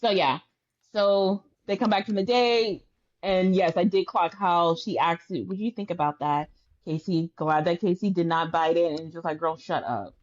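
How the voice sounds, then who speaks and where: A woman's voice: fairly low pitch, normal speed. Woman cohost retelling episode scenes, kinda muffled lo-fi sound. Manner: relaxed storytelling, retells scenes with quoted lines. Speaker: podcast co-host. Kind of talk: casual chat.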